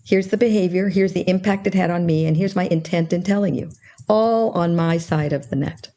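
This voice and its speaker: A woman's voice: fairly low pitch, brisk. An older woman explaining a communication model in an interview, telling stories and acting out the dialogue in them. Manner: animated storyteller, acts out quoted dialogue. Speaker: guest expert on interpersonal skills.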